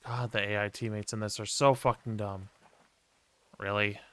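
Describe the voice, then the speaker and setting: A man's voice: on the low side, level tone, normal speed, fairly bright tone. A man streaming a game, chatting casually and ranting with plenty of profanity and wry asides. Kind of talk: casual gameplay commentary.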